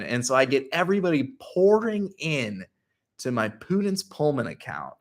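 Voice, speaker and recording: A man's voice: medium pitch, sing-song, normal speed. A young adult man on his channel, telling a story casually and animatedly, full of filler words. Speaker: YouTuber.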